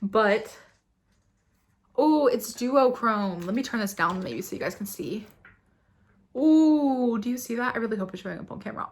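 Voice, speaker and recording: Young female vlogger, gushing and gasping, fairly high, bright voice. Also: moderate pace. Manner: gushing, gasping, breathless excitement. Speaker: beauty vlogger. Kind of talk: excited unboxing chat.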